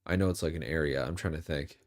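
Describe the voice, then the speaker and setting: A young man casually commenting on football games during a live stream, rambling and jokey, with sudden excited yells at big plays. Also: very deep voice, quick pace.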